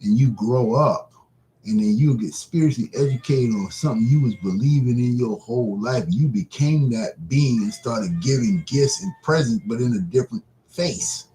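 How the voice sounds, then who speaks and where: Mellow-voiced man preaching casually. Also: mid-range voice, animated, slight background noise, low-quality recording. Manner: repetitive, preacherly, drawn-out phrases. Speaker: broadcast host.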